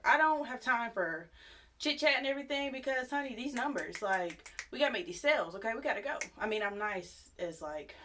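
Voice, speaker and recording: Sassy, chatty young woman telling a story. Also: medium pitch. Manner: chatty, animated, sassy retelling with acted quotes. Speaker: YouTube storyteller. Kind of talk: casual storytime vlog.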